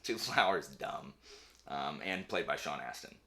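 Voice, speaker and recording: Young male host, casual and animated, bright voice, prone to rants. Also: rumbling low. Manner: animated, ranting, quick asides. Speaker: channel host; teacher. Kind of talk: casual chat.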